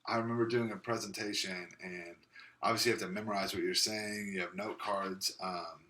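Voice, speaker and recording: A young man chats casually as a podcast co-host. His voice sits fairly low but has a bright edge. He rambles with many fillers, and his slight speech impediment makes him repeat words. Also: steady tone, a little fast, a little hiss or hum. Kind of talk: casual chat.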